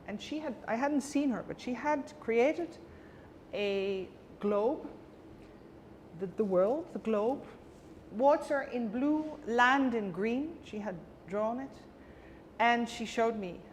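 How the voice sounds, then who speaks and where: Higher-pitched woman telling a vivid story. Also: slow pace. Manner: vivid, emotional storyteller acting out dialogue. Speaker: guest. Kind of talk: personal storytelling in a conversation. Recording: long reverb with faint background noise.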